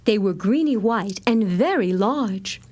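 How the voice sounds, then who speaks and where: A woman narrating an animated storybook in a gentle, measured storytelling manner. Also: medium pitch.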